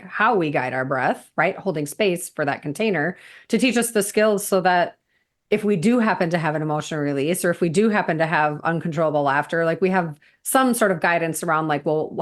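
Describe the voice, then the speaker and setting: A woman hosting a podcast interview, reflecting on and summing up what her guest has said. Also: sits low. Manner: reflective, summarizing back to the guest. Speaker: podcast host. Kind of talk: conversational interview.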